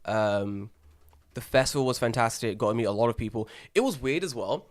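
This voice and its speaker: Animated young man telling stories, swearing. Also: medium pitch, fairly quick. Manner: animated storyteller, swears freely, acts out quotes. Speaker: podcast co-host. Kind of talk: casual chat.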